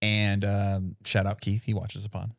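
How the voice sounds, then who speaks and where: A man's voice: on the low side, monotone, unhurried, creaky, no echo, clean studio sound. A man co-hosting a podcast, telling a rambling story in a casual chat, full of fillers and swearing. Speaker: podcast co-host.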